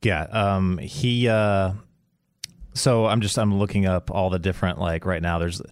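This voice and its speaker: A man's voice: deep voice, fairly even intonation, measured pace, clear, resonant tone, dry recording, studio quality. A man co-hosting a casual political talk show, rambling as he talks and laughing along with his co-host. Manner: rambling, lots of fillers and restarts, laughs along.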